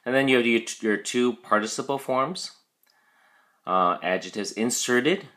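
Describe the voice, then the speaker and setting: A man with a lowish, slightly bright voice teaches a recorded vocabulary lesson. He explains patiently, checks in with "okay," and slowly models syllable stress.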